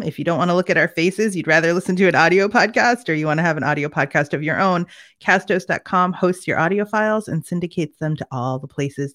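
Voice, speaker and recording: A woman's voice: on the low side, a bit bright. A woman co-hosting a show in casual chat, chatty and laughing often as she introduces the guests and reads a sponsor spot. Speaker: co-host.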